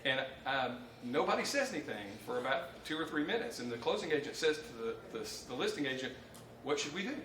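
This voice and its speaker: A man in his fifties from Alabama with a Southern American accent, a mortgage lender giving a folksy, animated training talk to a live audience. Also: mid-range voice, fast, hardly any pauses, slight background noise. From Alabama, USA. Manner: folksy, animated storyteller, laughing often. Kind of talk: live training presentation with anecdote. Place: conference room with live audience. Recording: roomy hall, distant mic, ambience.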